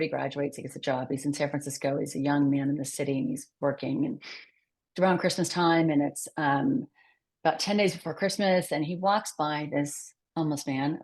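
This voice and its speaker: Female guest, low register, animated storyteller who voices the dialogue. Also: husky. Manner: animated, acts out quoted dialogue. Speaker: podcast guest, charity founder. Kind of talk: conversational storytelling.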